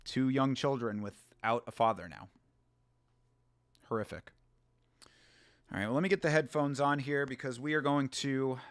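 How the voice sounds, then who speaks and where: A male host runs live commentary in a casual, blunt voice, swearing freely and often restarting his sentences. His voice sits at an ordinary male pitch. The sound is dry and close, with no room echo. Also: fairly bright tone, smooth. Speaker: show host.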